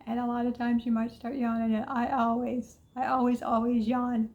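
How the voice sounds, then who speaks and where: Woman, higher-pitched voice, calm coach leading tapping affirmations, repeats soothing phrases. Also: moderate pace, dull audio. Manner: soothing, repetitive guiding affirmations. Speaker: mentor leading a tapping exercise. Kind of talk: guided tapping session.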